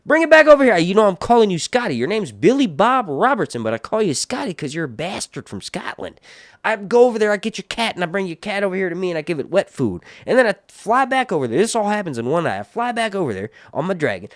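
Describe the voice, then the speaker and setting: A man's voice: sits high, very animated, fast, no echo, studio quality. A man hosting a casual live stream about a TV show, rambling and joking crudely off topic. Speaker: host of a TV show review stream.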